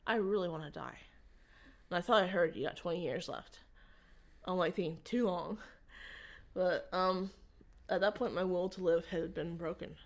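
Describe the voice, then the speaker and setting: Rambling woman telling her story. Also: fairly low pitch. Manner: rambling, halting, with frequent restarts. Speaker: interviewee sharing a personal faith story. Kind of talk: conversational testimony.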